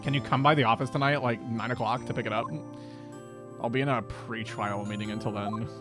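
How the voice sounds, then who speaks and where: A composed older sister and lawyer, voiced by a woman speaks in a low, even voice with gentle, dry teasing. Game music hums in the background. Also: fairly quick. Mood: gently teasing.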